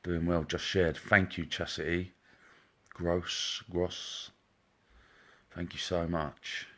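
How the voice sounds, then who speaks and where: A man's voice: sits low, little pitch movement, slow pace, bright, forceful tone. A man hosting a live stream as a psychic medium, chatting casually and greeting viewers one by one by name in a chummy way. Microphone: wearing headphones.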